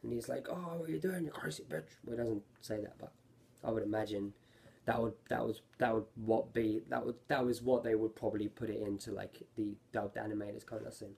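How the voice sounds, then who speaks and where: Male anime reviewer, casual and rambling; gravelly, husky tone. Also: lowish voice, flat delivery, brisk, mellow. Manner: rambling, self-correcting, lots of fillers.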